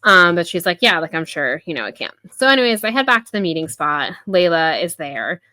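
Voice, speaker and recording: A woman in her thirties talks through a book chapter in a casual podcast chat. She is full of fillers and quick laughs. Her voice sits a bit low but bright and forceful, and it is recorded dry and close. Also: sing-song, dry recording. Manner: chatty, filler-heavy, laughs often, paraphrases scenes in quick voices. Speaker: podcast co-host.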